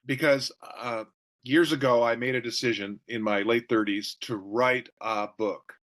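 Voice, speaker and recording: Animated joking male storyteller. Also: medium pitch, a little slow. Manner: jokey, animated storyteller who acts out quotes. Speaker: author and speaker, guest. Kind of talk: storytelling interview answers.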